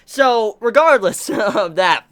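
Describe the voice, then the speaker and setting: A woman reviewing a manga chapter in a casual vlog, excitable and profane, often breaking into laughter. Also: medium pitch, takes it slowly.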